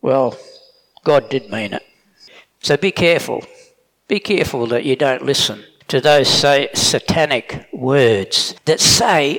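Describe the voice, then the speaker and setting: A man's voice: mid-range voice, expressive, measured pace, a bit bright. A middle-aged man preaching a sermon in a plain-spoken, emphatic way, often correcting himself mid-sentence. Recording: long reverb of a hall.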